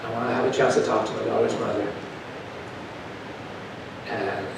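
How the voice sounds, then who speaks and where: A male preacher telling a testimony in an animated storytelling manner, swinging from hushed to loud. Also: moderate pace, vocal fry. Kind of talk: sermon testimony. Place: church. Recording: echoey church from a distant mic with background rumble.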